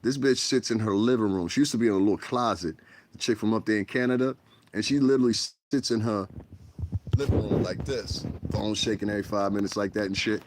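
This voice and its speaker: A man's voice: on the low side, fast talker, slight background noise. A man from the United States hosting a casual livestream from his bedroom, rambling frankly and profanely into a tablet. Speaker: livestream host.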